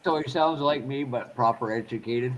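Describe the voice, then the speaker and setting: A man's voice: mid-range voice, moderate pace, a little hiss or hum, poor audio. A man chatting casually and joking, laughing easily. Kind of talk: casual chat.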